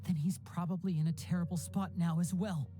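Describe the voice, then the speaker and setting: A woman's voice: fairly low pitch, fairly even intonation, brisk, dark tone, close to an everyday voice. A woman voicing a young male stage magician in a video game, earnest and tense as the responsible leader. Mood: anxious. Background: faint game music.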